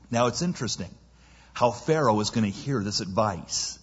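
A man's voice: lowish voice, lively intonation, moderate pace, breathy edge, dull audio. A man preaching a sermon, who reads scripture aloud and then retells it in everyday speech, acting out the quoted lines with drama. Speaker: pastor. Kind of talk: expository sermon.

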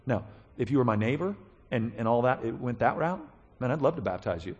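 A male pastor preaching a conversational sermon, animated, checking in with his listeners and acting out quoted voices. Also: medium pitch, fairly quick, breathy edge, highs cut off.

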